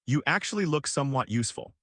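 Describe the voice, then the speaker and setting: A brash young gamer who hurls insults and boasts about himself, as a man reads him. The delivery is lively and full of swings. It sounds close and dry, with no room around it. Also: medium pitch, fast talker, no echo, natural voice. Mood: scornful. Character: rude cocky young male gamer.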